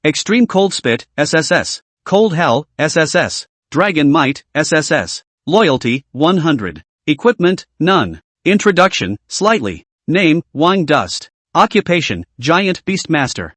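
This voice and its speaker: Male narrator, scripted comic recap, slightly high voice, clipped stat-reading delivery. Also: sing-song, a little slow, few pauses, fairly bright tone, dry recording. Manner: reads out stat lists in short clipped phrases.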